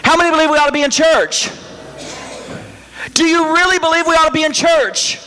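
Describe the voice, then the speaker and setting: A man's voice: very high-pitched, steady tone, brisk, bright, forceful tone. A man preaching a sermon in a church, talking conversationally and firing rhetorical questions at the congregation. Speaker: pastor. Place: church sanctuary. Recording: echoey hall reverb.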